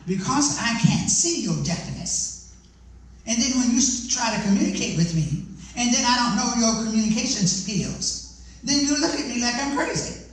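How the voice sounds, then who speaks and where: A man speaking to an audience in a big, very echoey hall, heard from well back from the mic. His delivery is lively and joking, and he keeps turning questions to the listeners. A faint background hiss sits under his voice. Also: very high-pitched, far from the mic. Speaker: speaker on deaf ministry. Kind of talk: presentation to an audience.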